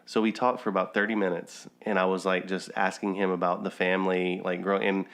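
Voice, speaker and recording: A man's voice: sits low, little pitch movement, a little fast, a bit bright. A man, a podcast host, telling family stories in casual chat and laughing at his own jokes.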